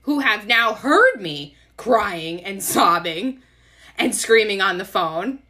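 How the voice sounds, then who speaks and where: A young woman hosts her own podcast and tells a deeply personal story at an unhurried, deliberate pace. Her voice sits at an ordinary middle pitch, and she speaks in a candid, self-deprecating way, rising when she acts out the scene. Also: very animated, pushed and bright. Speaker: podcast host.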